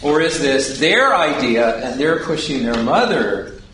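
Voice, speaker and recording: A man delivers sermon-style Bible teaching at a mid-range pitch and keeps asking questions of his listeners. His voice comes from well away from the microphone. It rings in a heavily echoing hall with steady background noise underneath. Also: measured pace. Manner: poses questions to the audience. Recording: very echoey hall, distant mic, background noise.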